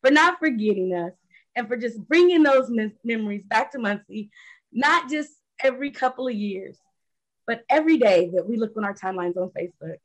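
Woman, host, fairly high voice, heartfelt introduction, rising cadence. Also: lively intonation, a little fast, poor audio. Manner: emotional, building, preacherly cadence.

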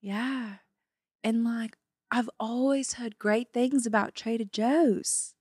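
A woman playing an excited Australian tourist with a put-on Australian accent. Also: fairly high pitch, slow pace, slightly rough, no echo, clean studio sound. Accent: mock Australian accent. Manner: excited, giggly improv.

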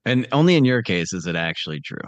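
A man's voice: on the low side, very animated, quick pace, dry recording, dull audio. A man hosting a podcast, chatting casually in a rambling, profane and teasing way. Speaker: podcast host. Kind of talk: casual chat.

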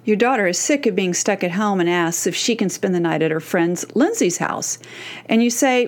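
A middle-aged woman, a parenting coach, teaches a podcast lesson in an earnest, emphatic manner with a mid-pitched, slightly mellow voice. She slows down to stress key phrases and to act out quoted teens.

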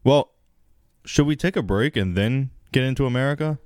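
A man's voice: medium pitch, normal speed, a little mellow, no room sound, clean studio sound. A man co-hosting a casual podcast chat, laid-back and blunt, swearing casually. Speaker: podcast co-host.

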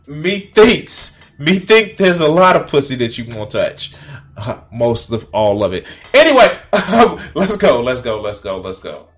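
A man's voice: fairly high pitch, sing-song, unhurried, fairly bright tone. A man hosting a reaction video, talking in a casual, profane and incredulous way, mocking and laughing at what he watches.

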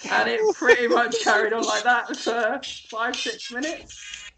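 A man's voice: very high-pitched, fairly even intonation, normal speed, vocal fry, loud music behind the voice, poor audio. A man telling a wry anecdote in a casual chat.

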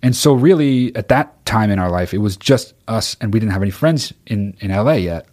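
Low-voiced man hosting a podcast, blunt and profane, rambling chat. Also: expressive, a little fast, darkish tone. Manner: swears constantly, rambling and blunt. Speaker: podcast host. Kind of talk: casual chat answering listener questions.

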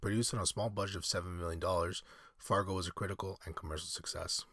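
A man's voice: deep voice, fairly even intonation, fast, fairly bright tone, no room sound, clean studio sound. A man reading aloud in a casual podcast, often breaking off into rambling, self-correcting asides. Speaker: solo podcaster.

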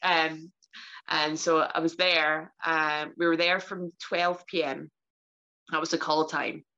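A woman, a professional wrestler telling career stories in an interview, animated and laughing often as she acts out what people said. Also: deep voice, takes it slowly. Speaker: interview guest. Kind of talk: casual storytelling interview. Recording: dull lo-fi sound.

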